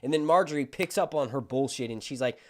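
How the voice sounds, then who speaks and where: A man's voice: medium pitch, fast. A man hosting a casual livestream, talking in a chatty way and swearing freely. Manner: animated, profane, chatty. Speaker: YouTube host.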